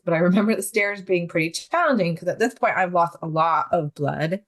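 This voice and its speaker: A woman's voice: lowish voice, animated, a little fast, hardly any pauses. Woman candidly retelling a survival story. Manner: candid, vivid retelling with nervous laughs. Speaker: guest telling her survival story. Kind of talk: personal story in an interview.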